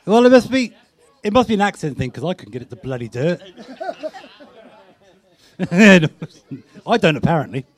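A high-voiced man runs a lively tech meetup game. He talks in excited bursts, laughs easily, and fires off quick countdowns. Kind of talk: lively game-show style hosting.

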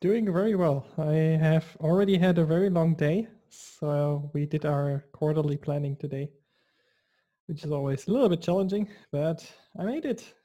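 A panel guest talks cheerfully on a video call. The voice is mellow and warm, at a middle pitch. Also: normal speed. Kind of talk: casual chat over video call.

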